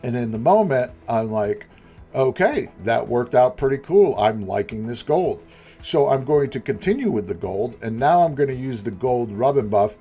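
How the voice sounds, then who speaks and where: A man's voice: fairly low pitch, darkish tone. A man narrating a prop-making tutorial voice-over in a chatty, self-deprecating, rambling way with frequent restarts. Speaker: prop maker.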